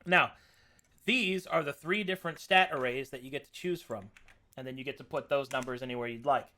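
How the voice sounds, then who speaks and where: A man's voice: mid-range voice, fairly quick. A man acting as game master, casually explaining character setup for a tabletop game. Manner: relaxed, explaining rules.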